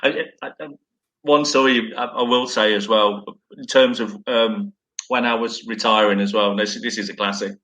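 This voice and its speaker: A man's voice: lowish voice, fairly even intonation, moderate pace, pushed and bright. A middle-aged man and former footballer, telling self-deprecating stories in a rambling, casual way.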